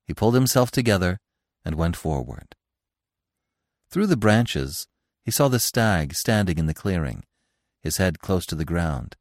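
A man with a deep voice narrates a classic story aloud, with a lively, animated reading. The sound is close and dry. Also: measured pace, pauses often, no room sound. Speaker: audiobook narrator.

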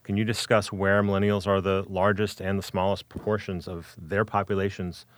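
A man's voice: low-pitched, flat delivery, normal speed, no echo. A man hosting a podcast, asking long, carefully framed questions. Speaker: podcast host. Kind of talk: interview questions.

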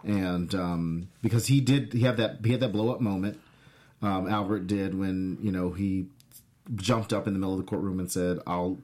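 A man's voice: low-pitched, steady tone, normal speed, darkish tone. A man hosting a casual discussion of a TV episode, reading out his notes and putting questions to the group. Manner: leads the talk, reads out notes, asks the group questions. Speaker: podcast host. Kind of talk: casual chat about a TV episode.

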